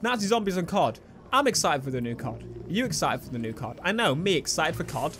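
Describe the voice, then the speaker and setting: A young man giving excitable, swearing let's play commentary over a video game. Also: fairly high pitch, brisk, faint music behind. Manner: excitable, swearing, laughing at his own jokes. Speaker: gaming YouTuber. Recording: game gunfire and sounds behind.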